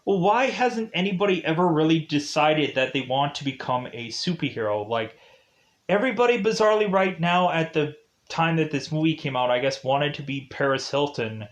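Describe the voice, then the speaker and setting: Guy rambling thru a movie review, lots of like and uh, kinda high voice. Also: a bit bright. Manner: rambling, heavy use of "like" and "uh". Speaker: film reviewer. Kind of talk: casual spoken film review.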